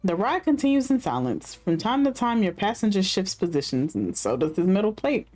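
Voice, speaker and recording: A woman's voice: medium pitch, big pitch swings, brisk, darkish tone, soft background music. A woman game streamer reading the story narration aloud, breaking off into chatty asides full of fillers.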